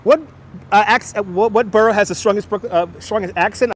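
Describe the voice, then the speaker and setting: A man's voice: high-pitched, fairly even intonation, fairly quick. Chatty New York man livestreaming outside. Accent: light New York. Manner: chatty, reads out and answers viewer comments. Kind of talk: walking livestream chat. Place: outdoors on city streets. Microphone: wireless clip-on mic. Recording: faint street noise outdoors.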